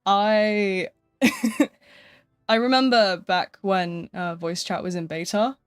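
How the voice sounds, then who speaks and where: A young British woman chats casually and playfully on a live game stream, laughing often between remarks. Her medium-pitched voice is clear and resonant, slow and fairly even in intonation, with studio-quality sound and no room echo.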